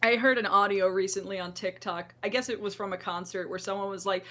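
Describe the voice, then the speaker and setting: A woman's voice: medium pitch, fairly even intonation, fairly quick, bright, forceful tone. A woman hosting a podcast in casual chat, a jokey, self-deprecating storyteller. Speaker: podcast host.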